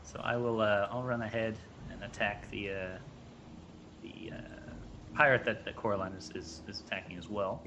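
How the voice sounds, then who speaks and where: A man's voice: fairly low pitch, steady tone, normal speed, lo-fi sound, background noise. A man playing a tabletop game, describing his character's moves hesitantly with many fillers. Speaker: player.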